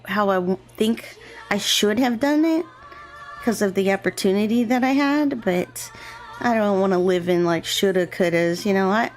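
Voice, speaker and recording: A young woman chats casually on a drawing livestream, rambling from one thought to the next. She keeps her voice low and soft at an ordinary middle pitch. Quiet, gentle music plays faintly behind her. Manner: rambling, chatty, talking deliberately low and soft. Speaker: VTuber streamer and illustrator. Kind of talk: relaxed casual chat while drawing on stream. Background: faint gentle background music.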